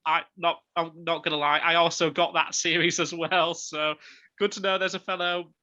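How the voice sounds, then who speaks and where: Bright-voiced man on a lo-fi mic. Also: fairly high pitch, flat delivery, moderate pace. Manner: rambling, with many ums and restarts. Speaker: podcast co-host. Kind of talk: casual review chat. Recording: dull lo-fi mic.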